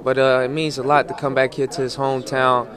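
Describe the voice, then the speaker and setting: A college basketball player speaking in a flat, even voice during an interview. Loud crowd chatter is clearly heard behind him. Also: male voice, mid-range voice, brisk.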